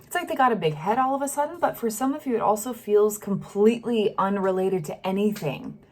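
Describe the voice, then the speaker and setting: A woman reading tarot cards in a loose, chatty monologue, her voice at a middling pitch. She gets caught up in the feelings she describes, sighing and breaking off her sentences as she goes. She talks into a close microphone. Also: animated, a little fast, darkish tone. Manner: emotional, acts out the feelings she reads, sighs and trails off. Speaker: tarot reader.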